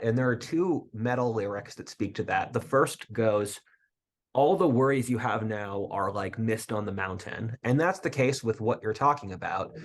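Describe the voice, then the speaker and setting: A man in his twenties from outside Philadelphia, a podcast guest talking earnestly in long rambling tangents. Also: mid-range voice. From area outside Philadelphia, USA. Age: 20s. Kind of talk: casual interview talk.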